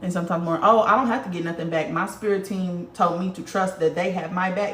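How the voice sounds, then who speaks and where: Speaking quickly with few pauses, a woman with a lowish voice reads comments aloud during her informal spiritual livestream. She swears freely and talks in a blunt, animated way. A slight hiss or hum sits under the roomy, far-from-mic audio.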